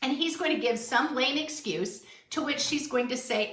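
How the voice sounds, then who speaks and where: A woman's voice: high-pitched, moderate pace, few pauses, a bit bright, roomy sound, distant mic. A woman giving blunt, emphatic dating advice straight to the viewer, acting out bits of dialogue. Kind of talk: direct-to-camera advice talk.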